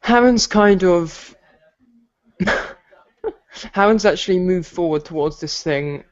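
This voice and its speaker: A man's voice: high-pitched, slow. Lo-fi game master man narrating.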